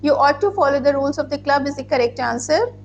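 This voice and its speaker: A woman's voice: high voice, lively intonation, quick pace, dull audio, faint music behind. A woman teaching grammar in an online class. She explains patiently and spells words out letter by letter. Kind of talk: online class, reading out student answers.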